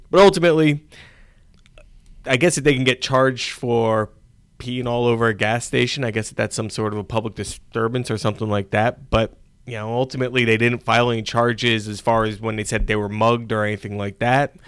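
A man's voice: mid-range voice, fairly even intonation, fairly quick, fairly bright tone, smooth, no room sound, clean studio sound. A man co-hosting a podcast in casual chat, loose and opinionated, with many fillers. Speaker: podcast co-host.

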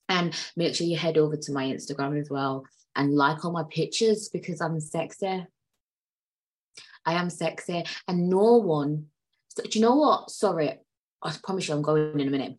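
A woman hosts her own podcast alone with a husky, slightly low voice. She talks in a profane, emphatic, repetitive way. Her delivery jumps between loud outbursts and quiet asides. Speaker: podcast host. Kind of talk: solo podcast rant.

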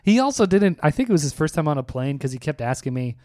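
A man's voice: on the high side, fast talker, no echo, studio quality. A man co-hosting a casual podcast, telling a rambling anecdote and acting out the people in it. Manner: rambling anecdotes with animated quoted voices. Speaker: podcast co-host. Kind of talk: casual chat, storytelling.

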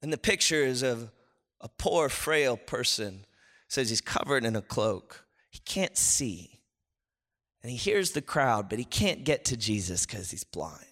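A man preaching a sermon as pastor, swinging from low murmurs to loud impassioned shouts. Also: big pitch swings, unhurried, long reverb tail.

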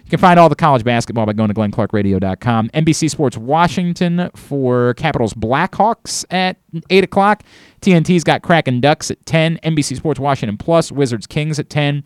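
A man's voice: fairly high pitch, normal speed, clean tone, no echo. A man hosting a sports radio show in casual chat, brash and teasing, swinging between mock outrage and laughter into a studio microphone.

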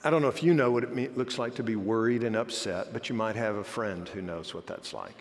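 A man's voice: lowish voice, brisk, in a large hall, a little hiss or hum. A male pastor preaching a sermon in a conversational, self-deprecating manner.

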